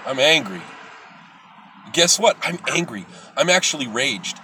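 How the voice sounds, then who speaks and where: A middle-aged man hosting a live video, talking bluntly and preachily to viewers with some swearing, swinging from loud outbursts to soft, earnest stretches. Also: medium pitch, big pitch swings, measured pace, slight background noise. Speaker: livestream host.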